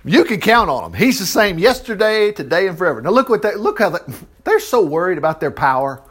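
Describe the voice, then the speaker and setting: A preacher, teaching a Bible passage in a chatty sermon full of rhetorical questions. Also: male voice, high voice, big pitch swings, a little fast, a bit bright, slightly rough.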